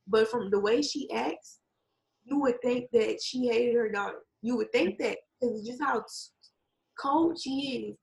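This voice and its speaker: A woman in casual chat, retelling a story with lively acted-out quotes, swearing and laughing often. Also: on the high side, unhurried, gravelly, rough recording. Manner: animated storytelling, acts out quotes.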